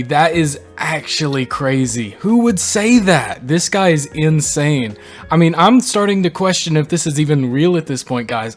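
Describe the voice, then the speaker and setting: A young man hosting a reaction video, reading posts aloud and reacting with animated disbelief. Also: fairly high pitch, moderate pace, soft background music. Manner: incredulous, animated, reads quotes aloud and reacts. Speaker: channel host reading posts. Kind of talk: reaction commentary.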